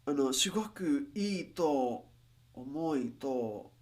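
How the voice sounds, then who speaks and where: A livestreamer whose first language is not English chats loosely, thinking out loud. The voice sits at a middling pitch and swings through a wide, animated range. The speech is full of restarts, and it becomes especially halting, with many fillers, once the speaker switches to Japanese. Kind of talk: casual livestream chat.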